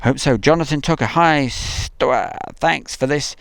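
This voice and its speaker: A man's voice: medium pitch, measured pace, few pauses, fairly bright tone, no echo, studio quality. A man hosting a casual outdoor live stream, rambling chattily and reading viewer messages aloud. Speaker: livestream host. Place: outdoors at an airfield.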